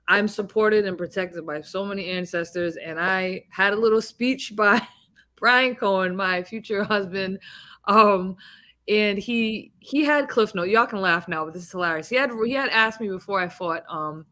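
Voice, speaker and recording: A woman boxing champion talking in a casual interview over a video call, telling stories and acting out the voices of people she quotes. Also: medium pitch. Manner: animated storyteller, acts out quoted dialogue.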